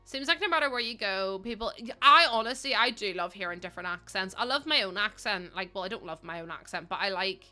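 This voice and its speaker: A young Northern Irish woman chats easily with her viewers as she builds, her voice bright and forward. Her pitch sits at an average height, and soft game music plays faintly behind her. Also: expressive, brisk, hardly any pauses. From Northern Ireland. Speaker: game streamer. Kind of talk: casual livestream chat.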